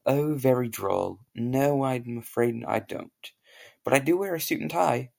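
A stuffy, pompous British gentleman with a put-on accent, prim and old-fashioned in every phrase, as a man puts him on in a comedy sketch. The voice sits in a middling register with a gravelly edge. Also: mid-range voice, a little slow.

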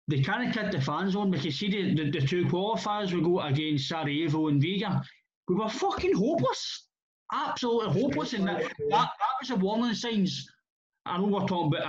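Blunt Scottish man, muffled audio. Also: a little high. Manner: blunt, swearing, rambling restarts. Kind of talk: casual football chat.

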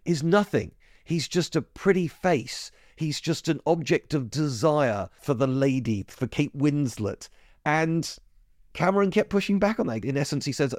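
A man hosting a podcast, talking through a film review in a chatty way, correcting himself as he goes, with his pitch jumping up when he gets keen. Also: a little mellow, no room sound, clean studio sound. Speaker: podcast host.

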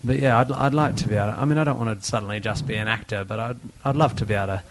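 A man's voice: mid-range voice, racing, background noise. A man, a podcast guest, talking casually and animatedly with many restarts and fillers.

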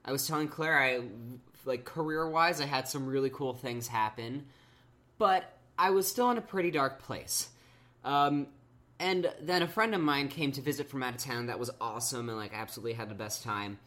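A young man co-hosting a podcast in casual chat. He speaks in a relaxed way, filling his sentences with "like" and "um". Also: mid-range voice, moderate pace. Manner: relaxed, fills speech with "like" and "um". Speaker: podcast co-host.

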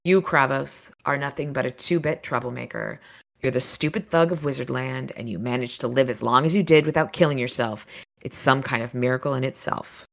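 A woman voicing a wry, defiant male wizard, delivering dry, cutting retorts in a low voice. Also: brisk, gravelly.

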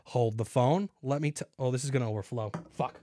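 A young man hosting a casual beer podcast, jokey and animated, swinging into mock announcer bits. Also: mid-range voice, brisk, slight background noise. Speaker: podcast host.

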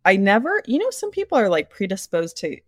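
A young woman co-hosting a podcast, chatting casually, laughing often and telling animated stories. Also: medium pitch, a little fast, dry recording, studio quality. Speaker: podcast co-host. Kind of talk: casual chat.

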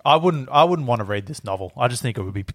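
A man, co-hosting a casual film discussion, critical and swearing, quoting characters in a flat voice. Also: medium pitch, quick pace, dry recording, clean studio sound. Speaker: podcast co-host.

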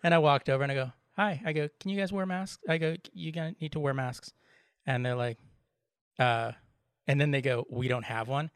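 A man's voice: medium pitch, fairly quick, no echo, studio quality. A middle-aged man telling a story in easygoing podcast chat, laughing often. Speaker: podcast co-host. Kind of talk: casual chat.

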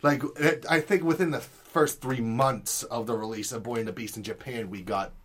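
A man's voice: medium pitch, normal speed. A man co-hosting a casual podcast, reading out news items in a jokey way. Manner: lively, jokey. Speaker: podcast co-host presenting news. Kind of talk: casual chat.

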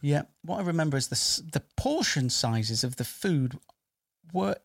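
A man's voice: fairly high pitch, lively intonation, moderate pace, vocal fry. A man co-hosting a comedy podcast, reading odd news items and chatting casually.

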